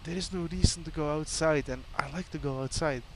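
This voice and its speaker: A man's voice: on the high side, a little fast, background noise. A man whose first language is Dutch, chatting casually and thinking aloud as he runs cockpit checks while streaming a flight simulator. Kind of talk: casual gameplay commentary.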